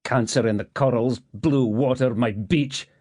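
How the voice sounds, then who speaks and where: A man's voice: medium pitch, measured pace, darkish tone, no room sound, studio quality, voice pushed up, natural voice. A man voicing an erratic, paranoid Scottish man who spits out his words and hisses accusations. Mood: menacing.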